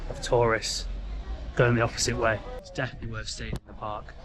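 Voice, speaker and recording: A man narrates his travel vlog in a chatty, conversational way, explaining plans as he goes. His voice sits at an ordinary middle pitch. The handheld camera audio carries clear outdoor background noise. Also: level tone, a little fast. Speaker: travel vlogger. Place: outdoors in a mountain park.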